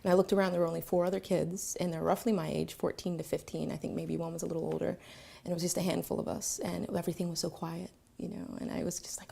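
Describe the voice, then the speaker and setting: A woman from Philadelphia telling a personal story, reflective and halting, with many pauses and fillers. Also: on the low side, flat delivery, gravelly, dark tone, breathy edge. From Philadelphia, Pennsylvania.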